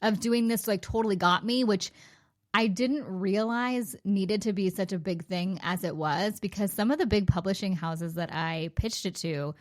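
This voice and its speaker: A woman's voice: mid-range voice, moderate pace, darkish tone. An American woman in her forties from California, a guest chatting in an upbeat, talkative way and laughing often. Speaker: guest, sobriety coach and author. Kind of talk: casual interview chat.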